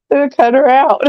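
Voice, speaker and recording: Slow giggly Southern woman. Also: sits high, no echo, lo-fi sound. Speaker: chat participant. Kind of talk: casual late-night group chat.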